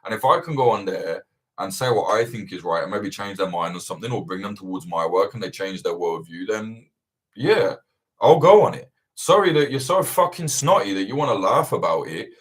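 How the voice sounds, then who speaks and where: Young male host, low register, loose and profane, heated conversational rant. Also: brisk, husky. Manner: swears constantly, animated and ranting. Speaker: livestream host answering viewer questions. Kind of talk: casual chat.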